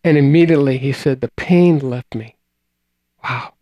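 A man preaching a sermon, reading scripture and retelling a testimony in a slow, halting way, often repeating words and trailing off quietly at the ends of phrases. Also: mid-range voice, dry recording, muffled recording.

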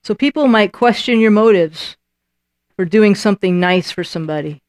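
Woman preacher, middle pitch, animated sermon delivery that acts out quoted voices, dry close recording. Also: normal speed, no room sound.

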